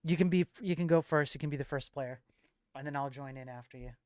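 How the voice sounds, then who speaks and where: A man hosting a livestream and chatting to viewers in a loose, rambling way. His voice is smooth and clear, and the sound is dry and close. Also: medium pitch, fast talker, darkish tone, dry recording. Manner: rambling, full of fillers and restarts. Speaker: livestream host and moderator. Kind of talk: casual stream chat.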